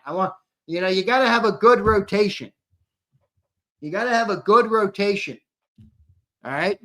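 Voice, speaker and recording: A young man with a high-sitting, fairly bright voice reads comments while co-hosting a live fan show. He chats loosely with viewers, swears, and repeats what he says.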